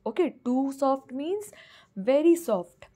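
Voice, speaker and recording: Slow, mellow woman telling a children's story. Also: high-pitched, animated. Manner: pauses to explain simple words. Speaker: teacher.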